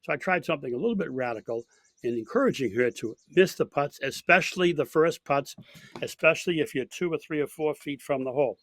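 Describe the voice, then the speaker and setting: A man's voice: a little high, fairly quick, no echo. Hesitant storytelling golf coach, man. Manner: hesitant, many fillers and restarts; animated anecdote telling. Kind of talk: storytelling in an interview.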